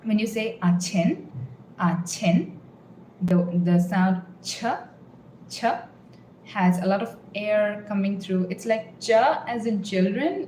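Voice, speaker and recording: A woman teaching a language lesson, explaining phrases and repeating them slowly word by word. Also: on the low side, darkish tone, slight background noise. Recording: roomy with faint ambience.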